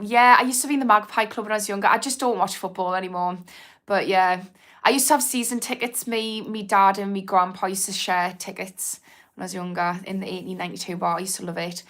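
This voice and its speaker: A woman's voice: mid-range voice, fairly bright tone. A young woman with a Geordie accent chatting casually on a livestream, rambling and laughing, reading out viewer comments. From Newcastle, England. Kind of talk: casual live chat.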